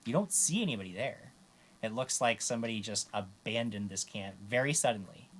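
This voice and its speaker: A man's voice: on the low side, lively intonation, brisk, a little hiss or hum. A man as game master, narrating a tabletop game in an easygoing way with many fillers.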